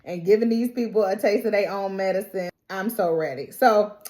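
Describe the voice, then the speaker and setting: A woman hosting a TV reaction channel, recapping an episode in casual, animated, emphatic storytelling. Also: mid-range voice, normal speed. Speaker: TV reaction host. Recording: roomy echo.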